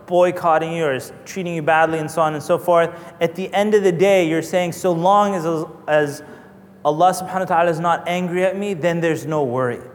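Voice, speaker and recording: A man's voice: a little high, in a large hall. A man teaching a religious lesson, telling stories earnestly and reciting Arabic supplications. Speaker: Islamic teacher.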